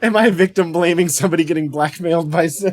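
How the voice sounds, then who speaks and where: A man's voice: on the high side, quick pace. A man co-hosting a podcast in casual movie chat, jokey and swearing freely. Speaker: podcast co-host.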